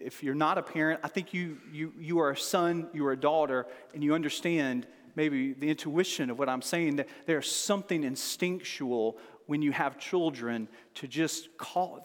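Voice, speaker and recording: Pastor, male, 40s, earnest and fervent, slightly high voice, long hall reverb. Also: normal speed. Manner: earnest, building to fervent emphasis with repeated rhetorical questions. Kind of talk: sermon. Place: large church room with long reverb.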